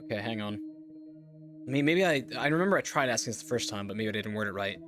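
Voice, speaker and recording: A man's voice: on the low side, animated, fast talker, fairly bright tone. A man streaming a game, thinking aloud in a wry, casual way and swearing now and then.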